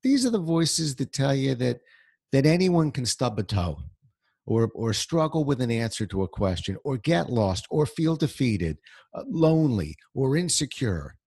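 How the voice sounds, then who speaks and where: A man's voice: mid-range voice, very animated, a little slow, gravelly, darkish tone, husky, no room sound, studio quality. A man hosting a solo motivational podcast from home, speaking conversationally with plenty of fillers and restarts. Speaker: podcast host.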